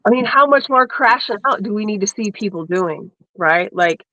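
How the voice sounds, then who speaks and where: A woman's voice: mid-range voice, animated, moderate pace, sharp tone, no room sound, muffled recording. A woman hosting a casual panel chat, emotional and teary, laughing between her words.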